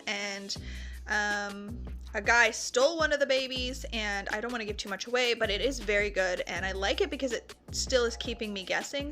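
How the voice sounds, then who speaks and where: A woman's voice: on the high side, pushed and bright. A woman vlogging casually at home, chatting cheerfully while she cooks. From Canada. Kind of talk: casual chat.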